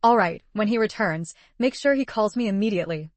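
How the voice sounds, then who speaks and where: A woman's voice: mid-range voice, lively intonation, a little fast, dry recording, lightly acted. A woman voicing a frightened young woman pleading on the phone in a storybook recap. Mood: anxious. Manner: urgent, pleading.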